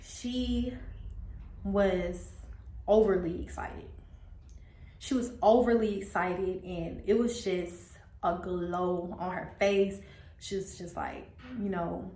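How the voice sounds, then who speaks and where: A young woman recounting a personal story in a casual storytime vlog. Her delivery is animated, with sudden high jumps in pitch when she quotes others. The room adds a noticeable echo. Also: slow. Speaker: storyteller vlogger. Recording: echoey room.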